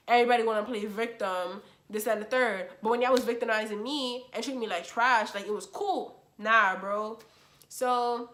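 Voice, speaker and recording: Blunt, slangy young woman. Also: fairly high pitch. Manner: animated, blunt, slangy storytelling with quick comebacks. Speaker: YouTuber. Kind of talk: storytime vlog.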